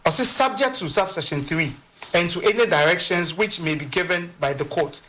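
A lawyer explaining legal process on a talk show, halting and repeating words as they go. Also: medium pitch, pushed and bright. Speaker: lawyer guest.

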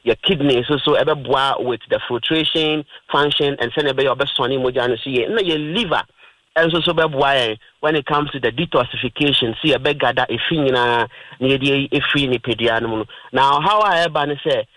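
A man's voice: mid-range voice, moderate pace, sharp tone, dry recording, rough recording. A man with a Ghanaian accent explaining liver disease on a radio health talk, lecturing patiently with everyday examples. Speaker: health expert guest on radio. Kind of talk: radio health talk, mixing Twi and English.

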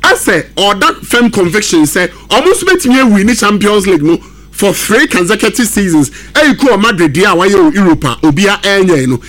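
A man with a Ghanaian accent arguing about football as a radio pundit, emphatic and excited, mixing English and Twi. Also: high-pitched, a little fast, soft background music. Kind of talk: radio sports discussion.

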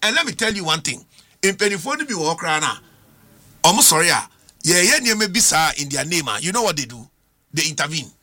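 A man's voice: fairly high pitch, sing-song, a little fast, bright, forceful tone. A man with a Ghanaian accent, a political commentator on a studio panel, arguing with rhetorical questions and switching between English and Twi.

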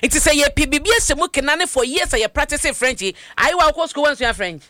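A Ghanaian woman co-host with a bright, clear-edged voice, talking animatedly through current affairs. She slips freely between Twi and English, and the sound is close and dry with no room echo. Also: high-pitched, lively intonation, fast. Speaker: radio show co-host.

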